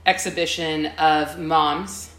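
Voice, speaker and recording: A woman's voice: deep voice, steady tone, slow pace, a bit bright, roomy sound, a little hiss or hum. A woman speaking reflectively in a casual chat.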